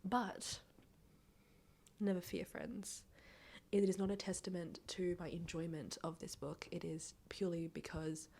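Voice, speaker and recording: Breathy, hoarse woman whispering her chat. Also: fairly low pitch, little pitch movement, a little slow, a little mellow. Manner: chatty, rambling, laughs often. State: hoarse, recovering from illness. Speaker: book vlogger. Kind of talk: casual reading vlog chat. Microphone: small clip-on microphones.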